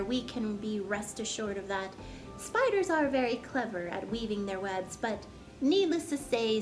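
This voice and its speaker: A woman voicing a pompous male county fair announcer who speaks in grand, formal speech. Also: on the high side.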